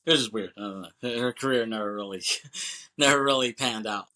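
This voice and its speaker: Bright-voiced man rambling about a movie. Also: mid-range voice. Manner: rambling, swears casually, acts out movie lines in quick voices. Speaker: podcast co-host. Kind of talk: casual movie chat.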